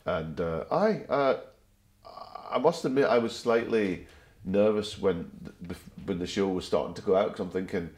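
A man with a gentle, slightly anglicised Glasgow accent, chatting as a guest and telling anecdotes. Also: on the low side, animated, normal speed. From Glasgow, Scotland. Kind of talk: casual interview chat.

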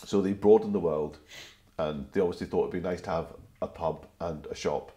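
A man with a gentle, slightly anglicised Glasgow accent, chatting as a guest and telling anecdotes. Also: sits low, fairly quick. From Glasgow, Scotland. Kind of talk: casual interview chat.

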